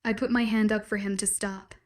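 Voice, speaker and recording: A woman narrating a first-person story in a steady, even reading voice. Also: medium pitch, a little fast.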